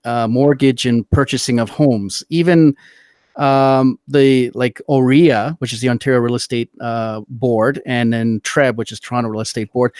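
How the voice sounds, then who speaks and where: A man's voice: mid-range voice, dry recording. A middle-aged man hosting a casual political chat, rambling and swearing heatedly as he tells stories. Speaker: podcast host.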